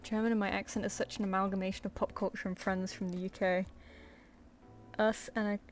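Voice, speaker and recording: A woman talks loosely while she draws at home, wandering from one thought to the next and muttering half to herself. Her voice sits at an ordinary middle pitch, with soft music playing faintly behind her. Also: flat delivery, brisk. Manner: rambling, chatty, mutters to herself. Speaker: artist livestreamer. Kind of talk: casual chat while drawing. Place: home room.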